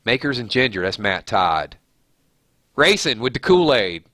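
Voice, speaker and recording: A man's voice: medium pitch, sing-song, unhurried, pushed and bright, no room sound. A man with a nasal voice hosting a live stream, chatting casually and reading viewer comments aloud with easy laughs.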